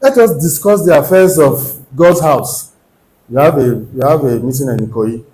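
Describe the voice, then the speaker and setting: A man with a Nigerian accent preaches a sermon in an echoey church hall, earnest and exhorting, often pressing the congregation with rhetorical questions. His voice is fairly high and somewhat dark, at a normal speed.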